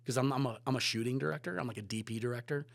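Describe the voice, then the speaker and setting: Animated man telling stories. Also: medium pitch, rapid-fire, gravelly, no room sound. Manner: animated, swearing, swings between loud and hushed. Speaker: guest photographer and director. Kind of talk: casual storytelling.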